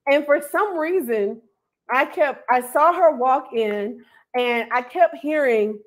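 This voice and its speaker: Lively woman hosting a live stream. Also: sits high, slow. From North Carolina. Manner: animated, laughs often, reads out viewers' names. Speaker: host of an online hair school livestream. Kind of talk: casual live-stream chat.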